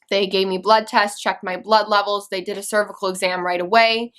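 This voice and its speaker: A young woman telling a personal story to camera, earnest and halting, with restarts and fillers. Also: mid-range voice, a bit bright. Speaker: vlogger.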